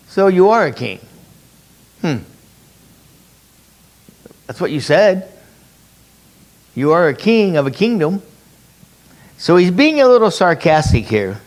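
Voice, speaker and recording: In a church meeting room, a man leads a conversational Bible study, explaining through rhetorical questions and repeating his key points. His voice sits on the high side with big pitch swings, and he speaks a little slowly with long pauses.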